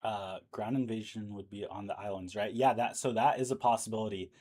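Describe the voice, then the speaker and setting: His voice is on the low side, slightly mellow and a bit fast, with fairly even intonation. He's hosting a news livestream, musing aloud in a casual way with filler words while his voice fades.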